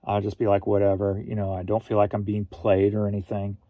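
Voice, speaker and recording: A middle-aged man from Missouri talks to his viewers in an easygoing, rambling way, stopping to read their comments aloud. His voice sounds mellow and dark. The sound is dry and close, with hardly any room around it. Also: fairly low pitch, completely flat delivery, a little fast, dry recording. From Missouri, USA. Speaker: host. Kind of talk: casual livestream chat.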